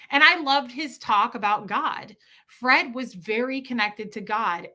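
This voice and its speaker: A woman hosting a livestream, answering viewer questions in a casual, animated, rambling way. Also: on the high side. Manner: animated rambling storytelling, quick bursts. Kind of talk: casual chat.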